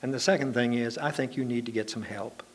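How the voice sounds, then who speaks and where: A man's voice: mid-range voice, quick pace. A man preaching a sermon to his congregation, telling homely anecdotes in a conversational, folksy way.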